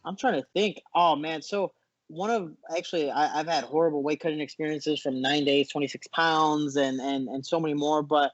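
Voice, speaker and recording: A man, a fighter guest in a casual interview, telling animated stories with lots of restarts, over muffled video call audio. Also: on the high side, moderate pace, dry recording. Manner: animated storyteller, frequent restarts.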